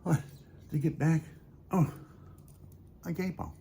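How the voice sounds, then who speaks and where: An older man rambling off the cuff, talking low and softly and chuckling often. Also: slow, creaky, a little hiss or hum. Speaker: vlogger and hobby guitarist.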